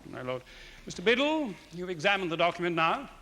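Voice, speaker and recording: An actor playing a barrister in a courtroom drama, questioning a witness in a formal, measured and courteous way. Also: male voice, high voice, very animated, bright, forceful tone, long reverb tail, full character voice. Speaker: prosecuting barrister.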